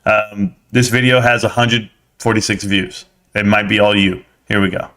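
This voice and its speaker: A man's voice: on the low side, steady tone, moderate pace, sharp tone. A man hosting a casual stock-market live stream, talking energetically and straight to his viewers.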